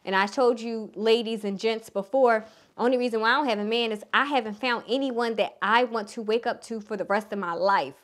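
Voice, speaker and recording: A woman with a Philadelphia accent and a hint of Southern twang gives relationship advice in a casual vlog. Her voice sits a bit high for a woman. She talks frankly and bluntly, with the odd curse word. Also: steady tone, fairly quick. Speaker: relationship coach.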